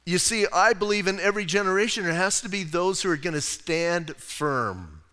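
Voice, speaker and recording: Male pastor, sermon, higher-pitched voice, chatty asides, acts out quotes, long echo of a church hall. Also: expressive, moderate pace, pushed and bright, clean tone. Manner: conversational, with rhetorical asides.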